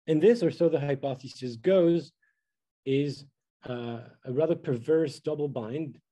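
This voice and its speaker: A man's voice: fairly high pitch, unhurried, mellow, low-quality recording. A middle-aged man giving an academic lecture, thoughtful and full of fillers and restarts.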